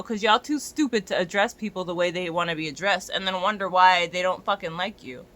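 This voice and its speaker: A young adult dog walker ranting to a phone camera, exasperated and profane, often climbing to near-shouts. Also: medium pitch, brisk, few pauses.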